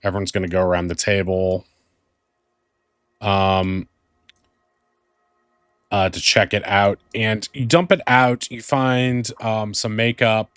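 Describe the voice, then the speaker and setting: A man's voice: on the low side, flat delivery, takes it slowly, long pauses, a bit bright, clean tone, dry recording, studio quality. A man narrating as game master, rambling and thoughtful with many fillers.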